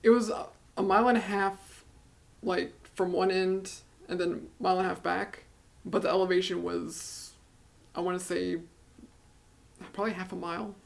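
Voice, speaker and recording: A man's voice: sits high, flat delivery, normal speed, vocal fry, long pauses. A man co-hosting a podcast in casual chat, easygoing and dry, with light laughs. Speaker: podcast co-host.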